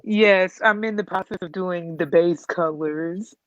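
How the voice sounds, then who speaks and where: A woman artist calling in to a livestream, speaking softly in short replies over a video call. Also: on the low side, measured pace, muffled recording. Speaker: guest artist. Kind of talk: casual call-in chat.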